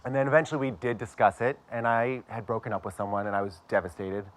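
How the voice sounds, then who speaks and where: A man's voice: fairly low pitch, fairly even intonation, fast talker. A man from Pittsburgh telling a personal story to a live audience with wry, self-mocking humor. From Pittsburgh, USA.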